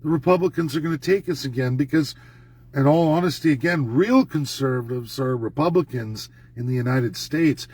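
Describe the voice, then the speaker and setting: A man's voice: mid-range voice, normal speed, a little mellow, breathy edge, no room sound. A Canadian man delivering an indignant, emphatic political rant to his followers, hammering points through repetition. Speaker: political commentator. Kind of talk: ranting monologue.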